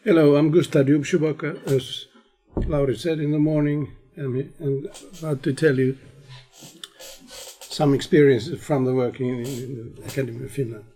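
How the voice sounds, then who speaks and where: A man's voice: mid-range voice, steady tone, normal speed, warm tone, slightly rough. A man who is a guest speaker from a funding agency, introducing himself briefly and plainly.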